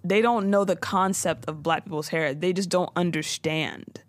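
A woman co-hosting a casual chat who recaps a show in a lively, profane way and acts out the quotes. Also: lowish voice, moderate pace, noisy background. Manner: animated, profane storytelling with acted-out quotes. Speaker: podcast co-host recapping a TV show.

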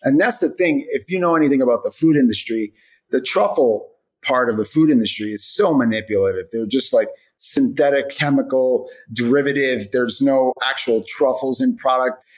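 A man's voice: medium pitch, moderate pace, poor audio. A man chatting as a podcast guest about the product he makes, rambling with many fillers. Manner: rambling, lots of "like" and "you know" fillers. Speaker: hot sauce brand founder, guest. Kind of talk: casual podcast interview.

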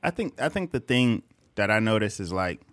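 Low-voiced man musing in casual chat. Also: big pitch swings, normal speed, a bit bright, no echo. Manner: reflective, hesitant, laughs often.

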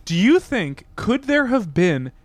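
Comedy podcast host, lively up-and-down voice, dry close mic. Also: medium pitch, a little slow, no echo. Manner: wry, animated questioning.

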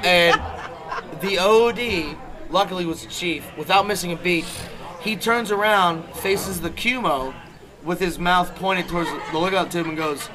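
A man's voice: high voice, unhurried. A man hosting a podcast, telling profane, laughing anecdotes among friends in casual chat. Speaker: podcast host. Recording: crowd chatter behind.

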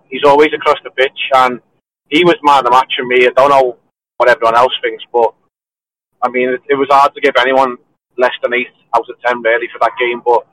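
A man's voice: medium pitch, fairly bright tone, rough recording. Enthusiastic male caller on a call line. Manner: enthusiastic, talks in short clauses. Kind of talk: phone-in football analysis. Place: car, driving.

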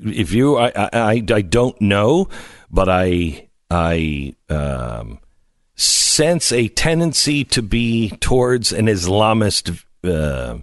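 A man's voice: fairly low pitch, very animated, takes it slowly, dry recording. A man hosting a talk radio show, trading dry, teasing banter with his co-host. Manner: teasing, dry, mock-insistent.

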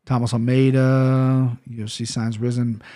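A man talking straight to camera at a mid-range pitch, loose and unscripted. He rambles, swears often, and breaks into loud bursts of mock outrage before settling back down. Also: level tone, measured pace. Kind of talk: casual solo rant about gear and fight news.

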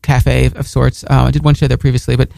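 A man's voice: mid-range voice, level tone, quick pace, gravelly, warm tone, dry recording, studio quality. A man in his forties chatting casually on a podcast, rambling and repeating words as he promotes his shows.

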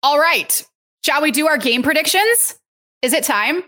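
A woman's voice: high voice, expressive, a little slow, sharp tone. A woman hosting a sports podcast, leading the chat in an upbeat, optimistic way.

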